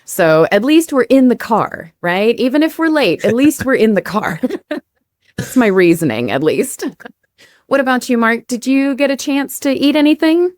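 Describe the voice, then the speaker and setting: An American woman co-hosting an English lesson, chatty and lively, laughing often and repeating phrases for emphasis. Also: on the high side, measured pace, no room sound, studio quality. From United States. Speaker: English teacher co-host. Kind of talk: casual teaching chat.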